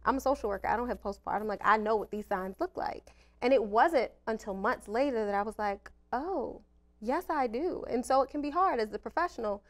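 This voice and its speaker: A woman's voice: fairly high pitch, fast, hardly any pauses. A woman in her thirties, a social worker, speaking candidly and reflectively in an interview and laughing at herself now and then. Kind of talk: personal interview talk.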